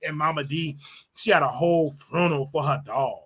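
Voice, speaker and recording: A man from Chicago hosting a show, giving animated, opinionated commentary on celebrity gossip and often repeating and restarting his words. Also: a little high, a little fast, breathy edge. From Chicago, United States. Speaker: show host.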